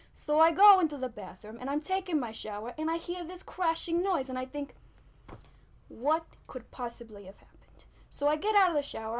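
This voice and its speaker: A woman playing a blunt, sassy middle-aged housewife with a Brooklyn New York accent, in a deadpan mockumentary interview. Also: high voice. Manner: sassy, blunt, snaps at people off camera.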